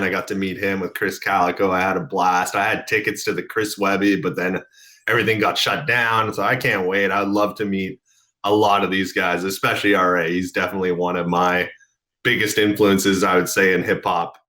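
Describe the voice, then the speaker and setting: A man hosting a radio show, chatting casually and eagerly with a guest like an excited fan. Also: on the low side. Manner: enthusiastic, speaks as an excited fan. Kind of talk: casual radio interview chat.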